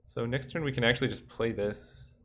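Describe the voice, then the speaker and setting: A man's voice: mid-range voice, brisk, a bit bright, slight background noise. A young man giving casual commentary while playing a digital card game, thinking aloud and counting under his breath.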